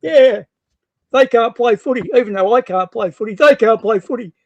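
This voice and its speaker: A man with an Australian accent, loudly teasing viewers on a fan stream. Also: very high-pitched, moderate pace, highs cut off. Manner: mocking, loud, teasing viewers. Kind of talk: casual banter.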